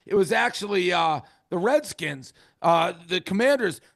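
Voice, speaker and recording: Male host, higher voice, chatty and loose. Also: animated, normal speed, gravelly, a bit bright. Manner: loose, chatty, tosses to callers. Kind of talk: casual sports talk.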